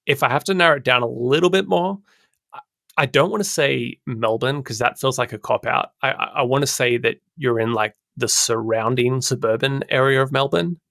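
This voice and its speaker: A man hosting a podcast interview, friendly and quick to laugh. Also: mid-range voice, steady tone, creaky, a bit bright, no room sound, clean studio sound. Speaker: podcast host.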